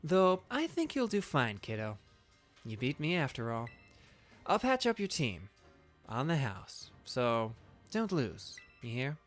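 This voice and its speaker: A man voicing a cool, teasing woman league judge in a lower, soft put-on voice with a put-on accent. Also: wildly swooping pitch, unhurried, soft background music.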